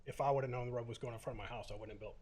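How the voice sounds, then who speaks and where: A man's voice: mid-range voice, steady tone, very fast, darkish tone, a little hiss or hum. A middle-aged man, holding back tears, giving plainspoken public comment at a city council podium. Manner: plainspoken, emotional, many uhs.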